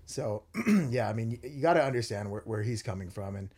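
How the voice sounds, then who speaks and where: Husky man in casual podcast chat. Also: lowish voice, lively intonation, fairly quick, a little mellow. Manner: earnest, rambling, many fillers. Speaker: podcast host.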